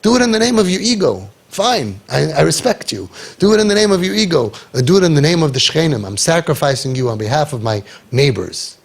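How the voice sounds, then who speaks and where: A man guiding parents in an impassioned talk, forceful and sarcastic, peppering his speech with Hebrew and Yiddish terms. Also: fairly high pitch, big pitch swings, brisk, vocal fry. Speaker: parenting guide.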